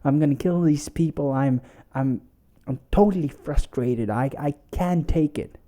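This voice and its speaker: Guy doing a furious business partner, loud and stammering, threats coming out high and hot, dark mellow voice underneath. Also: a little slow, close to an everyday voice.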